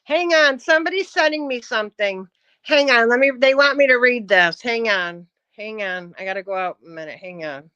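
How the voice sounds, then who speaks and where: A woman's voice: on the high side, lively intonation, normal speed, bright, forceful tone, clean tone, no room sound, highs cut off. A woman on a live stream, ranting bluntly and confrontationally at her chat and swearing often. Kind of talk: heated live-stream rant.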